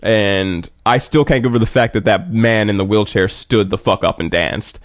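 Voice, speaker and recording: A young male podcast co-host tells a rambling, profane story during casual chat. His pitch sits fairly low and his pace is moderate, captured in clean studio sound with no room noise.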